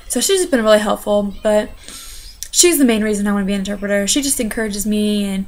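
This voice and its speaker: A woman's voice: mid-range voice, fast talker. A young woman, an interpreting student, telling her story in a casual, chatty way with many fillers. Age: young adult. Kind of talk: casual personal account.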